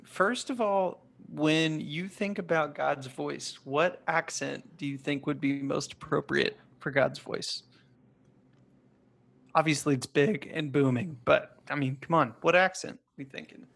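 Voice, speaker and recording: Gravelly, raspy joking man. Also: a little high, a little slow, fairly bright tone. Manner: playful, joking, teasing. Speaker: podcast co-host. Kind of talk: casual chat.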